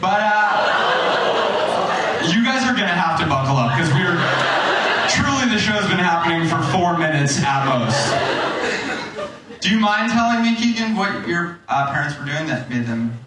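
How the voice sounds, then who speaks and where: A male comedian from New York City doing crowd work on stage, teasing audience members with quick jokes. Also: a little high, sing-song, heavy reverb, recorded from a distance, very noisy. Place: comedy club in London. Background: crowd laughter.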